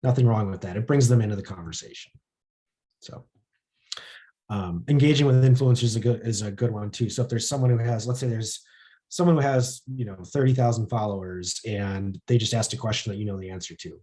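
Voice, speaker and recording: A man's voice: fairly low pitch, brisk, dark tone. A man presenting a casual workshop session, talking loosely with lots of filler words. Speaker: social media workshop presenter.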